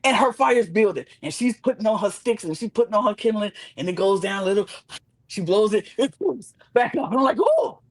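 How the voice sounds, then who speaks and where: A man, chatting on a podcast about a reality show. He retells the action with dramatic acted-out reactions, and his voice swings from low mutters to sudden high cries. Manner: animated, acts out reactions with big pitch swings. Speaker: podcast co-host. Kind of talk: casual reality-TV recap chat.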